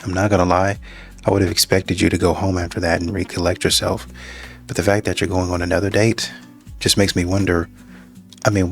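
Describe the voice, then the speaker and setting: Deep, flat, gravelly male host. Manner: measured, reasoning aloud. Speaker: reaction show host. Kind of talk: commentary on a clip.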